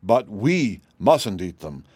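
A man's voice: lowish voice, sing-song, slow, a little mellow, slightly rough, no room sound, heavily acted. A man voicing a fussy little bald old wizard in a storybook reading, raised and fretful.

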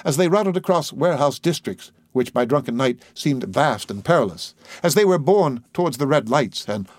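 A man's voice: mid-range voice, lively intonation, moderate pace, darkish tone, no room sound. A man reading a novel aloud as a narrator, giving the dialogue light character voices. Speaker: audiobook narrator. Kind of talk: scripted narration.

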